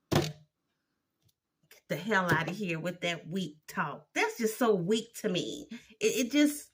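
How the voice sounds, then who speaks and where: A woman's voice: medium pitch, pushed and bright. A woman giving a blunt, opinionated recap of a TV episode, exasperated and sassy as she talks it through.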